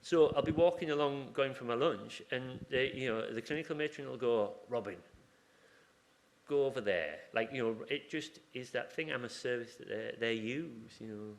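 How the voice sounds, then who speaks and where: A mid-range voice with vocal fry moves at a moderate pace, barely pausing. The speaker, an acupuncturist on a hospital surgery team, gives a relaxed conference talk, answers questions from the floor, and acts out what was said on the ward.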